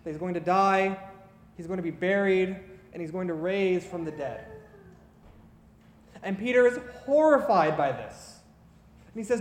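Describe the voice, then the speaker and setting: A man delivers a sermon, telling stories in an earnest, conversational way. His voice sits high, and it rings out in a roomy hall with a long, trailing reverb. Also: animated, measured pace, pauses often. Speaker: preacher.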